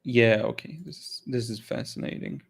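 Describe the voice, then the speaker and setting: A man's voice: mid-range voice, moderate pace, slightly rough. A man hosting a live art Q&A, chatting casually and enthusiastically about paintings, a little tired and full of restarts. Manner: enthusiastic, rambling with restarts and fillers. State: tired, yawning. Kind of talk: casual livestream chat.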